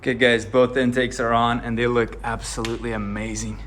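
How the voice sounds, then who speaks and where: With a mid-range voice that barely moves in pitch, the man speaks fairly quickly. He's a car build vlogger in a garage, casually and keenly explaining each stage of his rebuild over background music.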